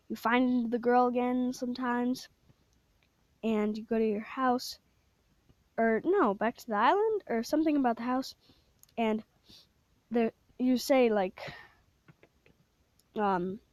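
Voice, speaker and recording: High-voiced rambling woman, lo-fi dry recording. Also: dry recording. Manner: rambling, many fillers and self-corrections, drops to a whisper at creepy parts. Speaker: storyteller retelling a creepypasta game. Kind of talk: casual rambling retelling.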